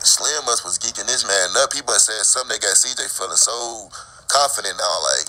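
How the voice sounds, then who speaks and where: Bright, slangy man joking around. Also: on the low side, expressive, moderate pace, low-quality recording. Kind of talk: casual chat.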